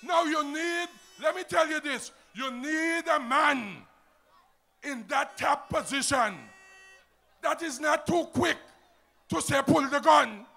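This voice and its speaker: A man with an Antiguan accent giving a loud, emphatic political rally speech to a crowd. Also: very high voice, slow, vocal fry. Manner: shouting, emphatic, rousing crowd.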